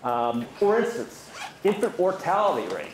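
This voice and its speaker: A man's voice: on the high side, big pitch swings, moderate pace. A man giving an economics lecture at a university, quizzing the audience with questions and talking with many fillers. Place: lecture hall. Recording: echoey lecture hall, faint noise.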